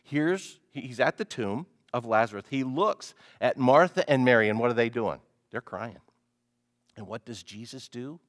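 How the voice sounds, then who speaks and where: A male pastor preaching a sermon, animated, often putting questions to the congregation. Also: mid-range voice, moderate pace.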